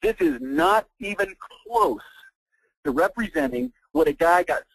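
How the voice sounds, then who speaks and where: A man giving a fired-up, blunt sales pitch as host of a marketing webinar on an online call. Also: very animated, measured pace, gravelly, a bit bright, slightly rough, no room sound, low-quality recording. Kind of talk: persuasive sales presentation.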